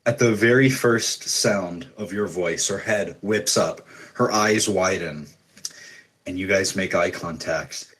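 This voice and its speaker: Low-voiced man narrating as game master. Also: fairly bright tone, low-quality recording. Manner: loose, descriptive storytelling with fillers.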